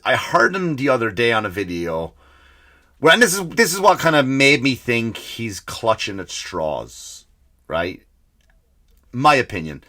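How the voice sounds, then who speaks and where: A man with an accent that drifts between Irish and American rants through a comedy podcast monologue. He swears freely and sounds exasperated, with a bright, forceful edge to his voice. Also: on the low side. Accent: mixed Irish and American. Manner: profane, animated, exasperated ranting.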